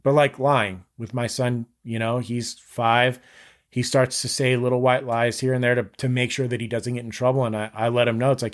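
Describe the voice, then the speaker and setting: A man's voice: mid-range voice, fairly even intonation, fairly quick. Earnest talkative man in his thirties. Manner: earnest, rambling, heavy use of "like". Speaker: podcast guest. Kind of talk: casual conversation.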